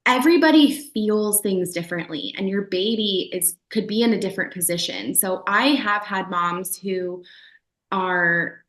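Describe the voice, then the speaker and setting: An animated woman talks casually as a podcast guest, slipping into quick voices for the people in her stories. Her voice sits at a middle height. The room around her gives an echoey ring. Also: mid-range voice. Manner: animated, acts out quoted voices of clients. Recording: roomy echo.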